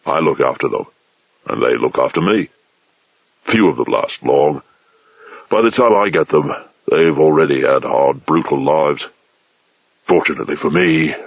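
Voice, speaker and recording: A man's voice: extremely low pitch, slightly rough, dry recording, pitched below the performer's own voice, full character voice. A male narrator voicing a big, cold, businesslike man in an audiobook. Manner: flat, businesslike, unapologetic. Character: big cold calculating man who runs child telepaths. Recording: dull lo-fi dry audiobook recording.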